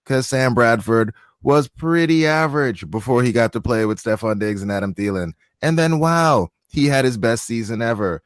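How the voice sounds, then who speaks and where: A man hosting a sports podcast, teasing his co-host and talking in an animated, casual way. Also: mid-range voice, normal speed, smooth, no echo, studio quality. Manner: teasing, animated, signs off the show.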